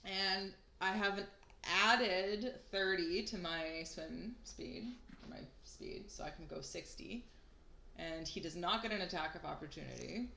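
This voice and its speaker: A woman's voice: lowish voice, measured pace, creaky, bright, forceful tone. A woman playing a tabletop game, reading out rules and adding up dice in a matter-of-fact way. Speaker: player. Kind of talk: casual tabletop game play. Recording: echoey room with faint noise.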